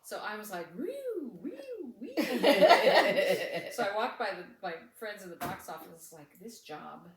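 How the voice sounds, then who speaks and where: A woman's voice: medium pitch, lively intonation, a little slow, reverberant, recorded from a distance, a crowd in the background, poor audio. A woman co-hosting a casual craft chat, telling stories in a chatty way with frequent laughter. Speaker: podcast co-host.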